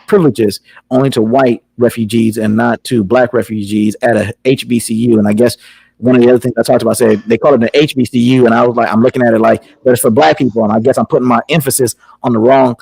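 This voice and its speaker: Gravelly-voiced man hosting a talk show. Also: medium pitch, darkish tone, no room sound, poor audio. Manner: rambling, conversational, with filler words. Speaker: podcast host. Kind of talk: casual call-in talk show.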